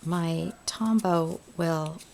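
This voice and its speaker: A woman's voice: fairly low pitch, very slow, vocal fry, darkish tone, a little hiss or hum. A woman hosting a home craft tutorial, chatting casually and thinking aloud as she works. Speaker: crafting video host.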